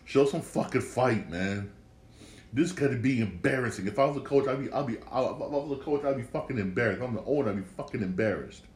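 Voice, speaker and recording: A man hosts a casual solo podcast, talking fast and off the cuff in a medium-pitched, slightly mellow voice. He swears a lot, repeats words, and stumbles into restarts, recorded in an echoey room with faint ambience.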